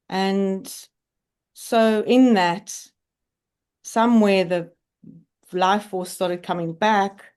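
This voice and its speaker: Woman in her forties, lowish voice, podcast guest, candid and earnest personal storytelling. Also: darkish tone. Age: 40s.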